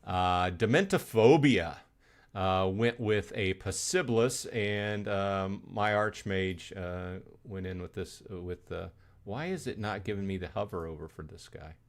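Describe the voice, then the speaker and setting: A man with a somewhat low voice hosts a casual gaming live stream. He rambles through chat and matches, filling pauses with ums and uhs and restarting his sentences. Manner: rambling, many fillers and restarts.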